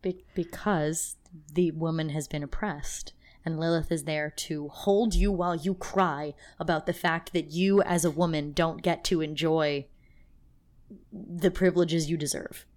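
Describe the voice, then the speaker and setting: A woman's voice: low voice, steady tone, a little slow, a little mellow. A woman co-hosting a podcast, talking in a casual, emotional and rambling way with many restarts. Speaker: podcast co-host. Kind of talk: casual chat.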